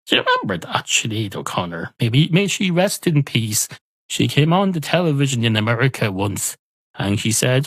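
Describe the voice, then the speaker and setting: A man's voice: medium pitch, big pitch swings, moderate pace, fairly bright tone, breathy edge, dry recording. A man with an Irish accent hosting a podcast, telling a comic story in a wry, conversational way. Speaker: podcast host.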